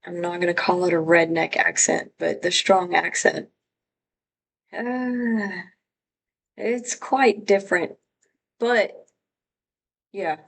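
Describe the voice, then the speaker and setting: A woman's voice: on the low side, fairly even intonation, slow, creaky, pauses often, rough recording. A woman from Louisiana hosting a live stream, chatting casually and rambling as she greets viewers by name.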